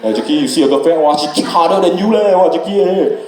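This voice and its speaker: A man voicing a pushy, loud male Muay Thai coach with a Singaporean accent, nagging and repeating himself. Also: fairly high pitch, expressive, fast talker, voice pushed up, lightly acted. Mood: taunting. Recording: echoey live room from a distance, audience noise.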